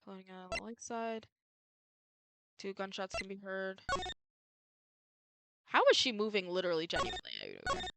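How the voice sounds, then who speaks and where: A young woman streaming a video game and chatting casually, slangy and quick to get exasperated, at a desk mic at home. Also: mid-range voice, heavy background noise. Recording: loud game music behind.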